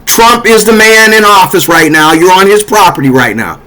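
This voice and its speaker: Man, higher-pitched voice, fired-up rant straight to his audience, repeats lines for emphasis. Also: expressive, normal speed, pushed and bright, rough recording. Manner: heated, repetitive, talks to viewers directly. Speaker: commentator. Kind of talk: casual ranting commentary.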